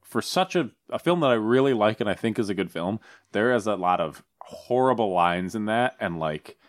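A man's voice: fairly low pitch, lively intonation, normal speed. A young man in casual podcast chat, rambling with lots of filler words. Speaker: podcast co-host.

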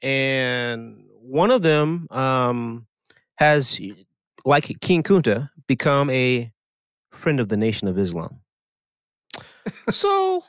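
A man's voice: expressive, takes it slowly, a bit bright, clean tone, no echo. A man co-hosting a casual podcast, rambling and sardonic in his opinions. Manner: sardonic, rambling, sudden pitch swings. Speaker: podcast co-host.

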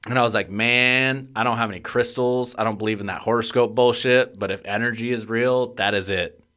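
A young man co-hosting a podcast, casually telling a story, swearing freely and getting loud and worked up as he relives a panic. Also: medium pitch, steady tone, brisk. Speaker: podcast co-host.

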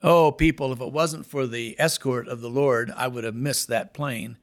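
A man's voice: medium pitch, steady tone, moderate pace. Earnest storytelling pastor, a man. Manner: earnest, dramatic storyteller with building emphasis. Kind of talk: spoken testimony storytelling.

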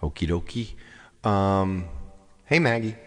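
A man's voice: low voice, slow, in a large hall. A man casually chatting with viewers between songs on a live stream, rambling and greeting people by name. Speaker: live-stream singer with guitar. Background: loud guitar playing.

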